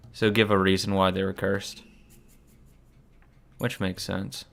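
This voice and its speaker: A man's voice: fairly low pitch, steady tone, measured pace, pauses often, a bit bright, clean tone. A man casually commenting while reading a visual novel aloud, offhand and sarcastic, swearing now and then. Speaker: let's play reader.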